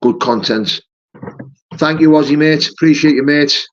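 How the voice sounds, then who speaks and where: A man's voice: fairly high pitch, measured pace, muffled recording. A man, a fighter chatting casually on his live stream and answering viewer comments, full of "mate" and "you know". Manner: matey, peppers talk with "mate" and "you know".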